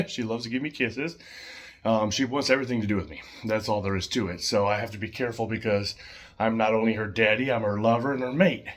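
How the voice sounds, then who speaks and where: A man casually showing his pet birds at home, chatting in a rambling way with fillers and soft laughs. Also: lowish voice, fairly even intonation, quick pace.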